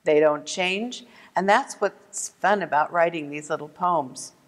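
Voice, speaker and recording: A woman teaching a lesson for children, gentle and clear, slowing down to sound out words. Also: fairly low pitch, big-room sound. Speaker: museum art educator. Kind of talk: instructional video lesson for kids.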